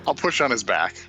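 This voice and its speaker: A man's voice: mid-range voice, pushed and bright, low-quality recording. A man playing a tabletop game, hesitant and chuckling, with many fillers. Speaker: player. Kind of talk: casual tabletop play chat.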